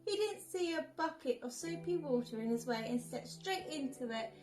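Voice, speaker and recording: A woman from a nursery reading a bedtime story aloud in a lively, expressive way. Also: high voice, normal speed, soft background music. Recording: echoey room.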